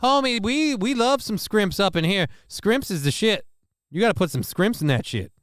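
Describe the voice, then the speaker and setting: A man's voice: high voice, expressive, normal speed, very noisy, voice pushed up. A man putting on the voice of a brash, slangy guy who is thrilled about shrimp. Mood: excited.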